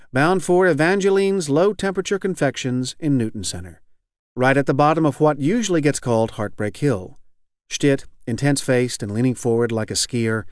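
A man reading literary fiction aloud as an audiobook narrator, measured and even. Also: mid-range voice, clear, resonant tone, dry recording, studio quality. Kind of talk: scripted narration.

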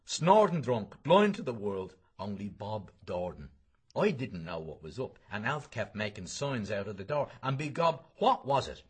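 A man's voice: lowish voice, very animated, moderate pace, breathy edge. A man reading a novel aloud in a colloquial, gossipy storytelling manner. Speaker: reader.

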